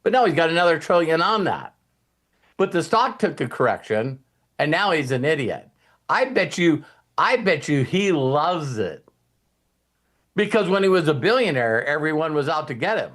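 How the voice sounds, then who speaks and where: A man hosting a casual motivational talk, rambling and animated, often acting out what other people say. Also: a little high, normal speed. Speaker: host.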